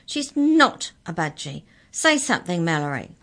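A woman reading a storybook aloud, voicing a frightened young boy who cries out loudly and pleads. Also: very animated, moderate pace. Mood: desperate. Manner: high and loud, pleading.

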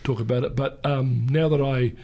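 A man's voice: mid-range voice, fairly even intonation, moderate pace, dark tone. A man presenting community radio, chatting casually with many ums and restarts.

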